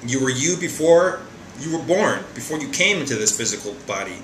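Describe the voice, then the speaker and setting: A man's voice: medium pitch, very animated, a little fast, fairly bright tone, echoey room, slight background noise. A man giving a casual spiritual monologue from a chair at home, emphatic and repetitive, with frequent stumbling restarts. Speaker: spiritual talk host. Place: room in a home, seated on a chair.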